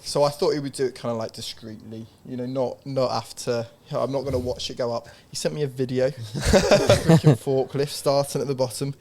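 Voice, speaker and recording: A man co-hosts a podcast and tells stories in a relaxed way. He laughs easily as he talks. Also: mid-range voice, brisk, crowd noise. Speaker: podcast co-host. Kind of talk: casual chat.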